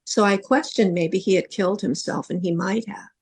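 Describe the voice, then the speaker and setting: A woman's voice: medium pitch, normal speed, vocal fry, a little mellow, husky. A middle-aged woman, a psychic medium co-hosting a podcast, earnestly recounting a vivid dream in casual storytelling.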